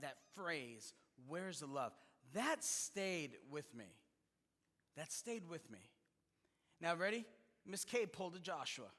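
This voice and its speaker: A man's voice: fairly high pitch, sharp tone. A male pastor preaching a sermon in a conversational, joking manner, with fillers and restarts. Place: church sanctuary. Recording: long reverb in a church hall.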